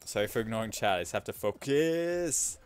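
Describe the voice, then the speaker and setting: A young man casually commenting on his gameplay while streaming, chatty and self-mocking, laughing at himself and swinging between mumbles and loud outbursts. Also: fairly low pitch, lively intonation, brisk, clear, resonant tone, soft background music.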